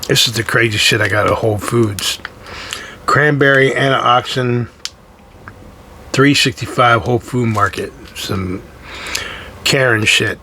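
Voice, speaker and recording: A man's voice: medium pitch, unhurried, pauses often, pushed and bright, slight background noise. A young man telling a rambling, exasperated story in casual profane vlog style. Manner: rambling, exasperated, swears a lot. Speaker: storytelling vlogger.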